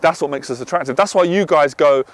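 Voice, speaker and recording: A man coaching on dating, talking intensely, swearing and then calming himself down. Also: fairly high pitch, quick pace, no echo. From half Irish. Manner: intense, swears, swings from loud to quiet. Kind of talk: passionate monologue to camera.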